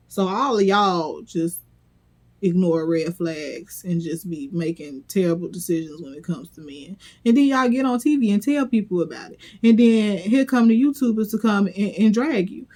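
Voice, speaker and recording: A woman's voice: fairly low pitch, warm tone. Sassy blunt woman recapping reality TV. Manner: sassy, blunt, profane, incredulous. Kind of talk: casual commentary vlog.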